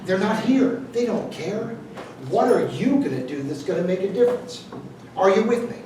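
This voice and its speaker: A man's voice: high voice, expressive, normal speed, background noise. A man giving a jokey, conversational motivational speech to a live audience, quizzing the crowd as he goes. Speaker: motivational speaker. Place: event hall with audience. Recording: echoey room, distant mic.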